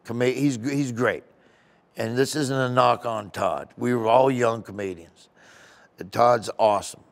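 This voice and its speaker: A man, a comedian being interviewed, telling casual rambling anecdotes in an animated way. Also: medium pitch, unhurried, gravelly. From United States. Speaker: comedian guest.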